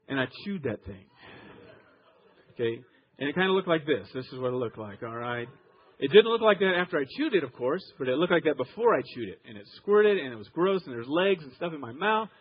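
A man preaching a sermon, grew up in Iowa, telling stories with emphatic swings from loud to soft. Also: a little high, slightly rough, muffled recording. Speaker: pastor.

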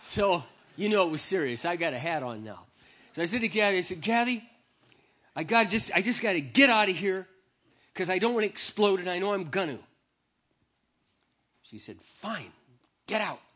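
Guy preaching a funny personal story into a mic, kinda high bright voice, pokes fun at himself. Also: moderate pace, pauses often. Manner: animated, humorous, self-deprecating storyteller. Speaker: Christian speaker.

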